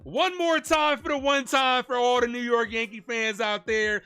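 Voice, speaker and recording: High, bright-voiced excitable man calling baseball. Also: moderate pace, hardly any pauses, smooth, faint music behind. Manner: excitable, cheers and shouts at big plays; chats with viewers and reads donations. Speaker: fan streamer calling play-by-play. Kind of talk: live-stream play-by-play commentary.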